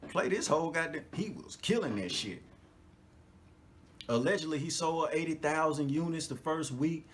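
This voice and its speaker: This podcast host has a fairly high voice and speaks at a normal speed. His casual monologue is animated and full of profanity and laughter, and he often turns to his audience with "you know what I'm talking about."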